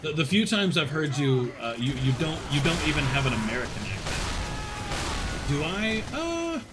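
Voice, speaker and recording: Animated male streamer, lively pitch. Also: unhurried, background noise. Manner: rambling, swears, laughs often; chats with unheard viewers, reads chat. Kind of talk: casual stream chat.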